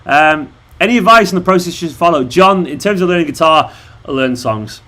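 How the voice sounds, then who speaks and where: A Mancunian man hosting a casual live stream, joking as he reads out viewer comments. He is a little drunk and loose, and his voice sits slightly high for a man. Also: animated, a little fast, pushed and bright. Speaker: fan channel host.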